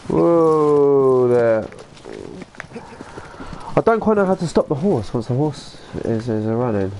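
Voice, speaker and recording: Commenting on live gameplay, a man with a medium-pitched, dark voice talks fairly quickly, his pitch swinging widely as he laughs along with chat and mumbles to himself when lost. Slight background noise is audible.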